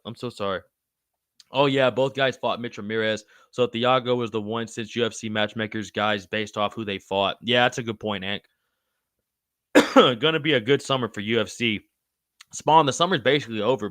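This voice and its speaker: A man's voice: medium pitch, pushed and bright, no room sound. A man hosting a live show, chatting casually and reading out viewers' comments, full of slang like bro and brother. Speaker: podcast host reading live chat. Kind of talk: casual live-stream chat.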